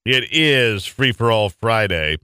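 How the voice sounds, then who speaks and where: A man's voice: lowish voice, animated, slow pace, background noise. A middle-aged man from Michigan hosting a talk radio show, chatting in a rambling, conversational way full of fillers.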